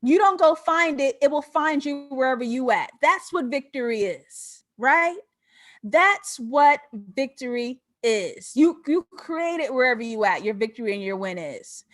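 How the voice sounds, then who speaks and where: A woman with a high voice talks through a film for her live viewers. Her commentary is loose and animated, full of swearing and easy laughter as she speaks straight to the audience. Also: measured pace. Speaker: host of a film breakdown show. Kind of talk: casual live-stream commentary.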